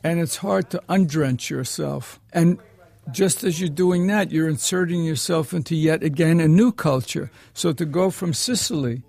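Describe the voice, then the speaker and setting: A man's voice: a little high, gravelly, darkish tone, no room sound. A man who directs films, recalling his preparation and telling a digressive anecdote in an interview. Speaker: film director. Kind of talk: reminiscing interview answer.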